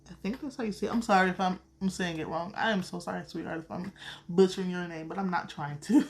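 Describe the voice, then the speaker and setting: A woman's voice: on the low side, steady tone, fast talker, gravelly. A woman with a Southern accent, reading tarot cards on a casual live stream, blunt and profane, calling viewers sweetheart. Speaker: tarot card reader.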